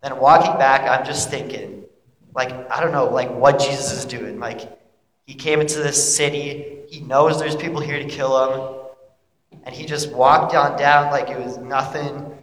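A man's voice: medium pitch, fairly even intonation, measured pace, a bit bright, natural voice. A man playing a bewildered young disciple in an echoey hall. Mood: earnest, confused. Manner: rambling, casual, full of "like". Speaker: actor playing a biblical disciple. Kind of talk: monologue, casual modern retelling. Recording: echoey hall with long reverb.

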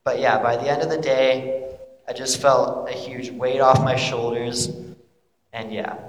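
A man's voice: mid-range voice, steady tone, unhurried, dull audio, slight background noise, natural voice. A young man playing an earnest, bewildered male disciple, telling his story in a rambling, casual way full of "like". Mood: earnest, confused. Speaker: actor playing a biblical disciple. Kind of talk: monologue, casual modern retelling. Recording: echoey hall with long reverb.

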